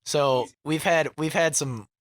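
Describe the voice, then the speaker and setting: Male band member guest, rambling and halting, dry close sound. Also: fairly high pitch, dry recording. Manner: halting, restarts and fillers while telling a story. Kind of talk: casual interview chat.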